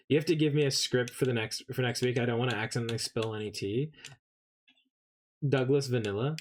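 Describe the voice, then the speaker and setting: A man's voice: medium pitch, a little fast, slight background noise. A man from Canada chatting casually while streaming a game, playful and joking with chat, keeps slipping into put-on English accents. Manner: jokey, answers chat by name.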